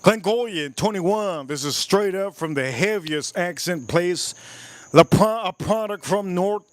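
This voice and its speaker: Brief: male livestream host, slightly higher voice, playful and repetitive banter with chat. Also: expressive, slow. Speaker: livestream host reviewing whiskey. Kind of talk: casual live-stream chat.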